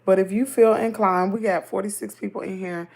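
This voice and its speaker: Gravelly Southern woman chatting on a livestream. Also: mid-range voice, fairly quick. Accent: Southern American. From Southern United States. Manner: chatty, animated, laughs easily. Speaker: livestream host. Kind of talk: casual live chat reading comments.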